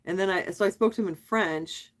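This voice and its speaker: A middle-aged woman with a mid-range voice and a brisk pace chats casually with her livestream audience, reading their comments out loud, questioning them back, and frequently laughing.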